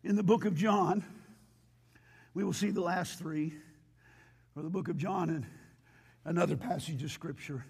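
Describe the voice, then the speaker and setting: A male pastor preaching a sermon in a church with impassioned, rising delivery, hoarse from losing his voice. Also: high voice, normal speed, pauses often.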